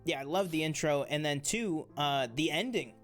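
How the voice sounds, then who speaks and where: A man's voice: on the high side, normal speed, fairly bright tone, soft background music. A man co-hosting a casual TV review chat, enthusiastic and rambling, with many fillers and restarts. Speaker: co-host of a TV review show.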